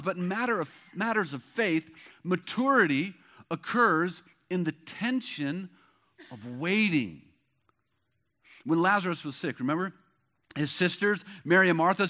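A man's voice: high voice, bright, forceful tone. A middle-aged man preaching a sermon as pastor, with an emphatic, repetitive cadence.

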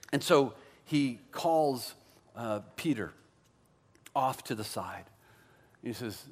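A man's voice: mid-range voice, sing-song, takes it slowly, long pauses. A man preaching a sermon as pastor, conversational and joking, with self-deprecating asides.

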